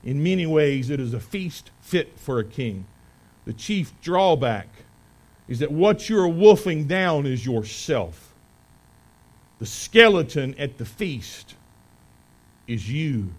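A pastor with a high, bright-sounding voice preaches to his congregation in a folksy, chatty way. He rises into loud, forceful emphasis, then drops back to quiet, offhand asides. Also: big pitch swings, takes it slowly, long pauses, rough recording. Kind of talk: sermon. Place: church sanctuary.

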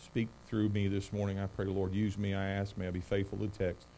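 A middle-aged man preaching, reading scripture with loud emphasis on key words and praying in a soft, hushed voice. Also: fairly low pitch, level tone, fairly quick, slight background noise. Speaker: pastor. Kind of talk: sermon with scripture reading and prayer.

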